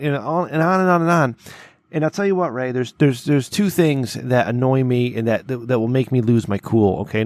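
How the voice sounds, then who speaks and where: A man's voice: medium pitch, darkish tone, dry recording. Man, podcast co-host, rambling storyteller, restarts a lot, dead-dry mic. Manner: rambling, repeats words, checks in with "okay?" and "right?". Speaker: workplace boss. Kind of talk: casual storytelling chat.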